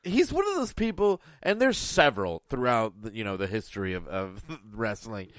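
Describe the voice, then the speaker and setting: Animated, smooth-voiced male podcast host. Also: on the low side, normal speed, dry recording. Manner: profane, joking, animated storytelling. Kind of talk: casual chat.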